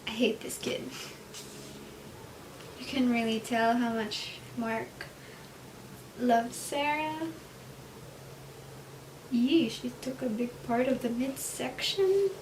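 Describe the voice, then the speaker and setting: A woman's voice: fairly high pitch, takes it slowly, long pauses, reverberant. A young woman chatting casually in a reading vlog, laughing often and dropping now and then to a whisper. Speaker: book vlogger. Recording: distant mic with steady background hiss.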